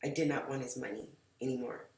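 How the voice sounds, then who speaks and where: Fast and a little mellow, this woman's voice rumbles low with a steady tone. She's a vlogger rambling frankly through a storytime, cursing freely and leaning on "like" a lot. The mic sits far away, leaving a roomy echo.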